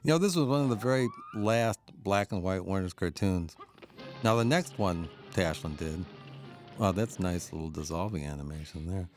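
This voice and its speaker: Deep-voiced male commentator, enthusiastic and anecdotal, laughing between remarks. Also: moderate pace, faint music behind. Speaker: film commentator. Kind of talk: audio commentary on a cartoon.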